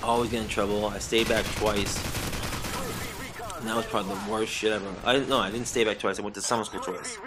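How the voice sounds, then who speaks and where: Boston dude, kinda hoarse, lowish voice, rambly game commentary with gunshots going off behind. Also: male voice, fairly even intonation, a little fast, very noisy. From Medford, near Boston, USA. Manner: rambling, self-correcting, swears freely. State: slightly hoarse voice. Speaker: gameplay commentator. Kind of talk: casual gameplay commentary. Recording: gunfire from game audio behind.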